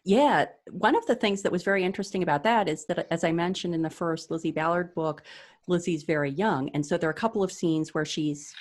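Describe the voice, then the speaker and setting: A woman with a somewhat low voice, interviewed as an author. She talks in a measured, explanatory way and relaxes into anecdotes as she goes. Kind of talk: casual interview chat.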